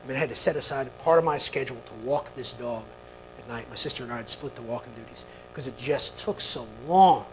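A man telling a personal story to an audience, animated, with quick asides to the listeners. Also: mid-range voice, a little hiss or hum, poor audio. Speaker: speaker.

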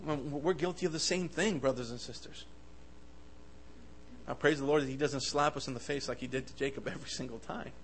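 A man preaching a sermon with passion, swinging between loud bursts and soft asides, often stammering and restarting his words. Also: mid-range voice, a little fast, a little hiss or hum, poor audio.

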